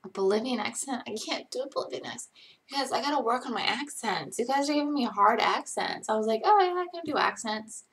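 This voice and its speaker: Talking fast in a fairly bright, higher-pitched voice, a young woman hosts a casual late-night live Q&A from her home. She's chatty and rambling, frequently making fun of herself.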